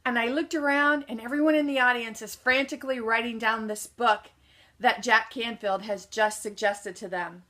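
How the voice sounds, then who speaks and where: Woman, motivational speaker, storytelling, animated, acts out voices, bright forceful tone, slightly high pitch. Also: normal speed. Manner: animated storyteller who acts out what people said; asks the audience questions and answers them herself. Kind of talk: personal storytelling talk.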